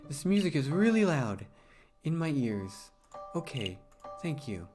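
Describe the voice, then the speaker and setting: A man's voice: on the high side, very animated, over music. Man reading a game aloud, casual. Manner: casual, muttering asides, quick reading. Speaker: streamer.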